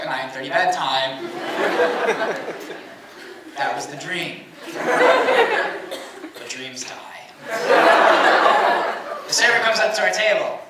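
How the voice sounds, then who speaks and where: A young man performing a stand-up comedy set, telling a family story and acting out his parents' lines. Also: high voice. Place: comedy stage with a laughing audience. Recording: roomy, distant live room with loud noise.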